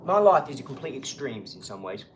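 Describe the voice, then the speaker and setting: A man hosting a casual live stream from his home garage, talking in an energetic, rambling, chatty way. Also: mid-range voice, a little fast, a little hiss or hum. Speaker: livestream host.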